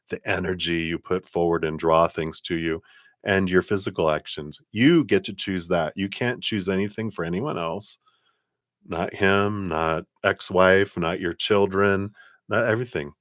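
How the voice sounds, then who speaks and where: A man's voice: sits low, no echo, studio quality. A man giving live-stream tarot readings, talking reassuringly and directly to the viewer with frequent chuckles. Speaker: tarot card reader.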